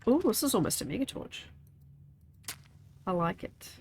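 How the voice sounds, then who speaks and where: A woman's voice: mid-range voice, big pitch swings, normal speed, vocal fry, noisy background. Chatty Kiwi woman streaming a game. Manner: chatty, rambling, answers chat aloud. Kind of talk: casual chat while gaming.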